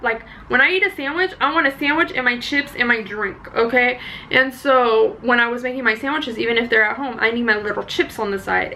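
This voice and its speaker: Bright, gravelly-voiced excitable young woman. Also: a little hiss or hum, poor audio. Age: young adult. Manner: chatty and excitable, high energy. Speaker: vlogger. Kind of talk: casual chat.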